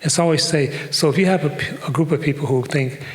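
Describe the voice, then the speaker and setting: A little high and fast, the voice belongs to an older man from Detroit lecturing as a professor before a live audience. He speaks conversationally with plenty of fillers and asides, on a performing arts center stage with long hall reverb.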